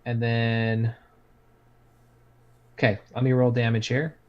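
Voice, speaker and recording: A man playing a tabletop game, describing his character's moves in a relaxed, casual way. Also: medium pitch, takes it slowly, dull audio, a little hiss or hum. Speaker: player.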